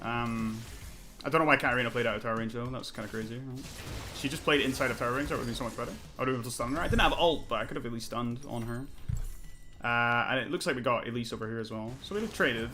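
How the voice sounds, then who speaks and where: This medium-pitched man speaks quickly and sharply while livestreaming a competitive game. Heated and profane, he argues his case and criticizes his own moves in a running commentary full of ranting.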